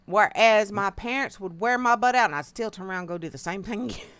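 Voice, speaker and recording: A woman's voice: mid-range voice, fast, fairly bright tone, a little hiss or hum. A woman streamer, casually telling folksy childhood stories while she plays a game. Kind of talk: casual storytelling while gaming.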